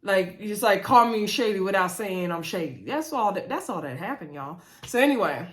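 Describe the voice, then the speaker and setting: A woman's voice: mid-range voice, lively intonation, moderate pace. Woman reviewer, chatty recap vlog, talks to viewers like friends, medium voice. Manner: chatty, addresses viewers as y'all, laughs often.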